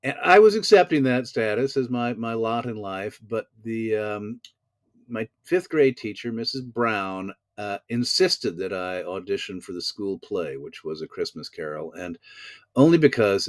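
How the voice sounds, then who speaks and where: Theatrical low-voiced man telling stories. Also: lively intonation, normal speed, no room sound. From American South. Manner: wordy, theatrical, self-mocking storyteller. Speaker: guest actor. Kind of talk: casual interview storytelling.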